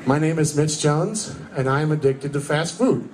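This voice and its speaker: A young man performing a stand-up comedy set in a live club, telling stories with energy and breaking into shouted character voices. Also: a little high, normal speed, a loud crowd. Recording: noisy live club recording. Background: audience laughter.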